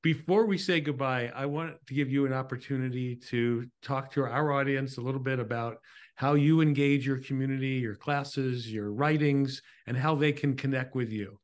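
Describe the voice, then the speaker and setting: A man hosting an interview show, calm and polite as he wraps up with his guest. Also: mid-range voice, moderate pace. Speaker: show host. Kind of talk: interview wrap-up.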